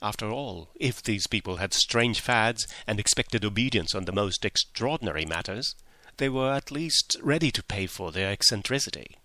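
Brief: male audiobook reader, bright crisp tone, lowish voice. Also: animated, dry recording. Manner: measured storytelling. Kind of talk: scripted narration.

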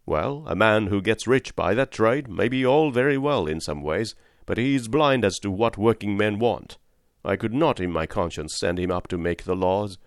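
A man voicing a principled cab driver and father in a storybook reading, speaking firmly and gravely. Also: fairly low pitch, lively intonation, normal speed, no echo, clean studio sound. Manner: firm, moralizing.

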